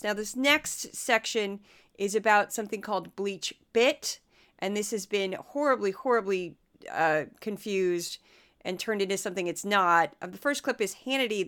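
A hoarse woman hosting a podcast, talking in a chatty, sarcastic and self-deprecating way. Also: medium pitch, lively intonation, moderate pace, fairly bright tone. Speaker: podcast host. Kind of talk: casual commentary podcast.

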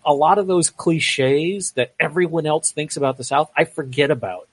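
Husky, stammering man in casual chat. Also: a little high, moderate pace. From Connecticut and Florida, USA. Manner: stammering restarts, jokey, laughs as he talks.

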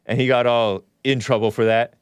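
A man's voice: mid-range voice, steady tone, moderate pace, clear, resonant tone, dry recording, studio quality. A man hosting his own show, giving sarcastic commentary over news clips with mocking asides. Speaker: show host.

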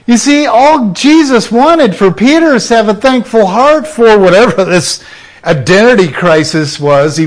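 A man delivering a sermon in a high voice, taking his time with each phrase. He presses his points with rhetorical questions and then drops into quieter asides. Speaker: preacher.

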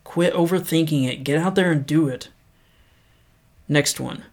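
A man hosting a podcast, talking through news stories in a conversational way and slowing down to read quotes aloud. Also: fairly high pitch, darkish tone. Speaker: podcast host. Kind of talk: news roundup and motivational quotes.

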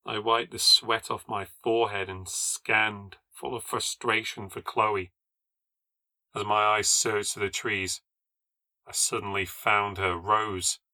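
A man reading a first-person ghost story aloud for a podcast, in a measured, low-key storytelling voice that lifts at tense moments. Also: flat delivery, bright, forceful tone, no echo.

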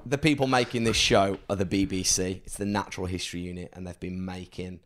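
A man's voice: low voice, steady tone, fast. A man, a guest in a casual interview, making offhand jokes.

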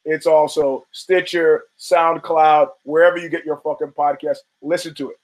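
A man's voice: fairly high pitch, fairly even intonation, moderate pace, rough recording. A man hosting his own podcast, talking bluntly with profanity and laughing asides. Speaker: podcast host. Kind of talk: casual podcast monologue. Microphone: camera and studio mic.

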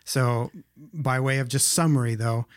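A man's voice: medium pitch, steady tone, measured pace, dry recording. Young male podcast host, earnest storyteller, dry studio-like sound. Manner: earnest, personal storytelling with fillers. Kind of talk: casual interview chat.

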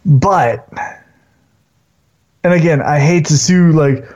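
A man with a slightly high voice, chatting about wrestling in an animated way. Now and then he slips into quick put-on voices for the wrestlers. The recording is muffled and lo-fi. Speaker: podcast co-host. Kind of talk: casual wrestling chat. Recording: dull lo-fi sound.

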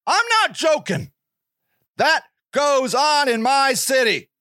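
A podcast host delivers a ranting monologue that is passionate, sarcastic, and indignant. His very high-pitched voice is animated, slow, bright, and forceful, and the recording is dry.

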